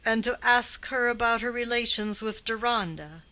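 A woman's voice: lively intonation, creaky, pushed and bright, exaggerated voice, rough recording. A woman voicing a cold, sneering aristocratic husband. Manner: slow, low, imperious drawl. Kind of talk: audiobook character reading.

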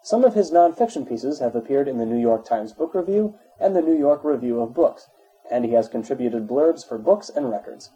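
A man reads an encyclopedia article aloud in a steady, even way. His tone is very dark and mellow, with a husky grain. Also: mid-range voice, normal speed, rough recording. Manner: steady, even reading, spells out dates in full. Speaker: narrator.

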